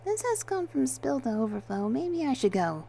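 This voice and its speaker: A bubbly, mischievous love angel with a very high, singsong voice, as a woman storyteller puts her on. She sounds giggly and delighted with herself, with a soft, mellow tone. A storybook character full of playful cheer. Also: expressive, measured pace, slight background noise. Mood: uneasy.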